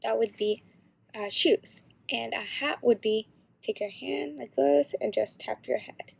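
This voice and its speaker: A teenage girl explaining signs in a casual, halting tutorial. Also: a little high, vocal fry, husky. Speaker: sign language instructor.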